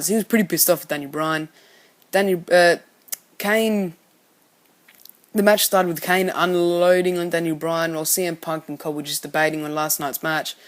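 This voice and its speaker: A man giving a casual spoken recap of a wrestling show, rambling and often correcting himself as he goes. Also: fairly high pitch. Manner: rambling, frequently self-correcting.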